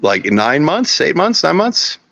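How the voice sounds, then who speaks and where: A man's voice: on the high side, huge pitch swings, unhurried, creaky, fairly bright tone, no room sound. A man from Texas chatting casually on a livestream, laid-back, laughing easily and swearing freely. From Texas, USA. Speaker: podcast guest. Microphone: video call. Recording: dull, lo-fi stream audio.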